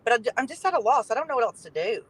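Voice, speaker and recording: Guest with a Tennessee accent, casual chat, halting and earnest, mid-range voice. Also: mid-range voice, big pitch swings, slightly rough, rough recording. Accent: Tennessee Southern.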